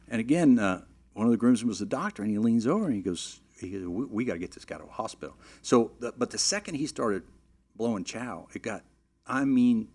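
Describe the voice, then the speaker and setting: A middle-aged man with a mid-range voice spins a long story in a relaxed, conversational way. He talks animatedly, trips over his words at times and leans on "you know" as he goes. His delivery is informal and expressive. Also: medium pitch, husky. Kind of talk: casual anecdote telling.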